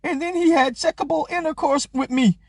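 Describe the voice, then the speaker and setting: A man mimicking a woman reading out an accusation in a mocking, high-pitched voice. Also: normal speed, no room sound, studio quality.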